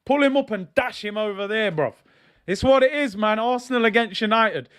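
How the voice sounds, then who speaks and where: A young man giving excitable, slang-heavy live commentary as he watches a football match, now and then bursting into shouts. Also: high-pitched, moderate pace, clear, resonant tone. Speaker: football fan streamer.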